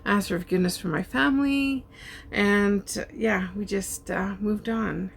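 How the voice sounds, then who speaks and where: Chatty woman with a gravelly voice. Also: mid-range voice, normal speed, slight background noise. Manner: chatty, relaxed, many ums and uhs, laughs. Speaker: diamond art YouTuber. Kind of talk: casual chat answering tag questions. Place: home in an RV.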